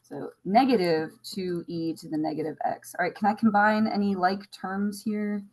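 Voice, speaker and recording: A woman teacher going over a math test on a recording, chatty and wry, thinking out loud as she works. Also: mid-range voice, fairly even intonation, normal speed, poor audio. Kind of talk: recorded classroom lesson review.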